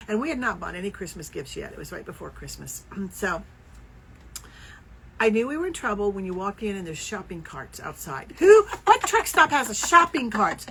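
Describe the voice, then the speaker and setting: A woman co-hosting a casual knitting podcast, telling stories with lively acted-out quotes. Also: mid-range voice, moderate pace, slight background noise, low-quality recording. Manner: animated storyteller, acts out quoted voices. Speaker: podcast co-host. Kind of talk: casual chat.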